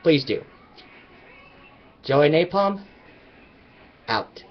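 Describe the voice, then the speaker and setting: A man's voice: on the high side, big pitch swings, very slow. Emphatic man ranting on a lo-fi mic. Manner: emphatic, rambling. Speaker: vlogger. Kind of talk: casual opinion rant to camera.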